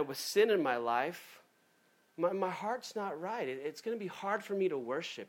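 A man preaching a sermon in a lively, conversational way, often breaking off and restarting his sentences. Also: on the high side. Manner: animated, conversational, self-interrupting. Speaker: pastor.

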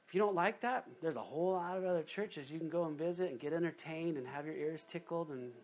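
A man pastor giving a casual, animated Bible study sermon. He voices the imagined speakers himself. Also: fairly high pitch, fast talker.

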